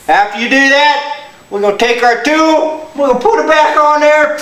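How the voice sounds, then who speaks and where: A man with a very high, bright voice clowns through a homemade how-to, full of folksy country slang and hammy yelps. The sound is echoey, like a home video shot by a truck. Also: normal speed, a little hiss or hum. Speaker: comic tire-check demonstrator. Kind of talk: goofy comedic how-to video.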